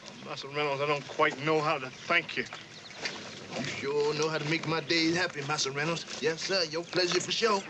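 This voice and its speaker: A man's voice: a little high, fairly even intonation, moderate pace, noisy background, close to an everyday voice. An actor with a Southern accent playing an older enslaved fiddler who fawns over his master and scolds a newcomer in a drawling dialect. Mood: fawning. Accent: American Southern. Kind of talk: period film drama.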